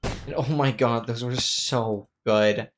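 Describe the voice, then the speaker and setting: Excitable streamer chatting mid-game. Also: mid-range voice, takes it slowly, slight background noise. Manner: excitable, exclaims often, thanks followers and chats with viewers. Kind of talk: live gameplay stream chatter.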